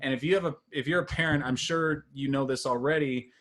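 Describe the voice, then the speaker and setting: A young comedian with a somewhat high voice works through a story in loose, rambling bits full of fillers and restarts. He mocks himself as he goes, and his voice jumps up and gets louder whenever he hits a punchline. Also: a little fast. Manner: rambling, self-deprecating storytelling with many fillers; swings high and loud at punchlines, laughing at his own jokes. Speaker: stand-up comedian. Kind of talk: stand-up set on a live stream.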